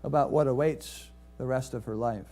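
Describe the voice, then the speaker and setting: A man preaching a sermon as pastor, telling a story with rhetorical questions to the congregation and swinging between lively rises and quiet, hushed drops. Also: medium pitch, normal speed.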